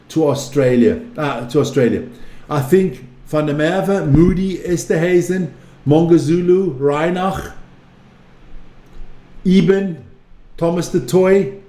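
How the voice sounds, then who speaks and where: A man's voice: fairly high pitch, mellow. A man casually chatting on a live stream, rambling, repeating himself and swearing freely as he reads viewer comments. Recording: echoey room with faint ambient noise.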